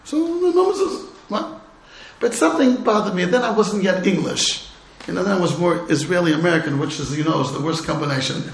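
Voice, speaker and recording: A man's voice: on the high side, expressive, quick pace, creaky. A middle-aged man teaching a class as a rabbi, telling humorous stories and asking rhetorical questions. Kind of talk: storytelling Torah talk. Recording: echoey room.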